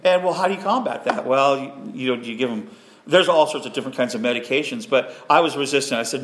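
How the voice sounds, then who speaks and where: A middle-aged man preaching a sermon, lively and self-deprecating, acting out the voices he quotes. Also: mid-range voice, fast talker, reverberant, slight background noise. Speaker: pastor.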